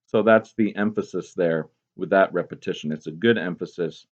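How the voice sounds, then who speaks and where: A male teacher giving a casual classroom lesson, chatting with many "um"s and "okay?"s and reading poems aloud with expressive emphasis. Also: sits low, normal speed, few pauses. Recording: dull lo-fi recording.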